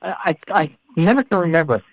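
A man's voice: on the high side, lively intonation, a little fast, no room sound. A man hosting a podcast in casual, playful banter, joking and often repeating his words. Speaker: podcast host.

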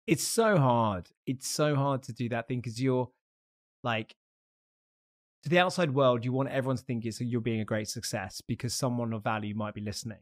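A man's voice: medium pitch, normal speed. Candid, swearing man hosting a podcast. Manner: candid and loose, swears, laughs often. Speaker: podcast host. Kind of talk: casual interview chat.

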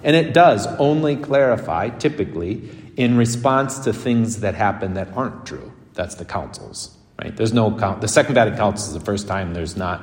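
A man's voice: on the low side, animated, normal speed. A man, a Catholic priest, giving a casual, chatty homily with laughing asides. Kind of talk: conversational homily. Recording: echoey church with long reverb.

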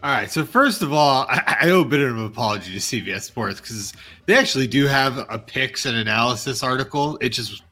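Bright-voiced man explaining picks. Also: medium pitch, lively intonation, a little fast, soft background music. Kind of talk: casual wrestling chat.

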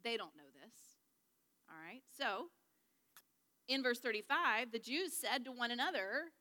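Bright-voiced woman teaching Bible study. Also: a little high, expressive, unhurried, long reverb tail. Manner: chatty, jokey, checks in with the group. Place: large room with a group.

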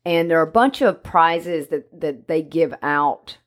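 A woman co-hosting a casual podcast chat, animated and jokey. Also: low voice, unhurried. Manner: animated, jokey, speaks for the dog in mock voices. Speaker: podcast co-host, dog trainer.

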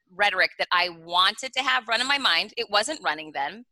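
An animated woman in her forties, telling stories on an interview podcast and slipping into sing-song baby talk now and then. Her voice is bright and forceful. The recording is close and dry. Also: medium pitch, moderate pace, no echo, low-quality recording. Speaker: guest author.

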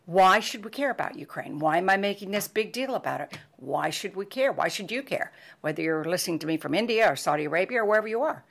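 An older American woman hosting a podcast, speaking in an emotional, pleading monologue that swings from loud emphasis to hushed near-whispers. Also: medium pitch, expressive, fast talker, gravelly, hardly any pauses. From United States. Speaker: podcast host.

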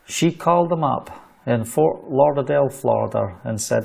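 A man's voice: fairly high pitch, normal speed, vocal fry. A middle-aged man from the United Kingdom preaching a sermon, telling a story and acting out the voices of the people in it. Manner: animated, acts out quoted voices in storytelling.

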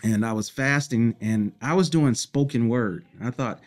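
A man from Detroit, a musician guest, telling childhood memories in a relaxed, rambling interview, with many fillers and short laughs. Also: mid-range voice, normal speed. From Detroit, United States. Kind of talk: casual storytelling interview.

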